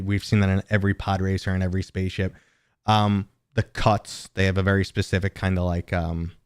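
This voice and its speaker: A man's voice: lowish voice, smooth, no echo, clean studio sound. A man from New City, chatting casually and joking with viewers while hosting a live stream. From New York City. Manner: rambling, joking, chatty asides to chat.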